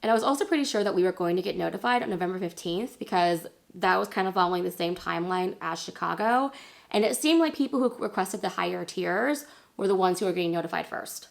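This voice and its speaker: Chatty woman vlogger with a gravelly edge. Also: quick pace. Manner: animated, acts out quotes with squealing high pitch jumps; chatty, many fillers and self-deprecating laughs. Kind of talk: casual storytelling vlog.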